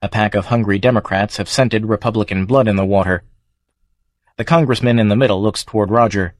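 A man's voice: on the low side, steady tone, brisk, dry recording. Man reading a story in a dry studio. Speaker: audiobook narrator. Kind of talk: scripted narration.

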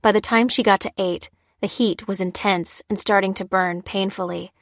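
A woman narrating an audiobook in a steady, even storytelling manner. Her voice sits at a middle pitch, and the recording is dry and close with no room sound. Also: normal speed, dry recording. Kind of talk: scripted narration.

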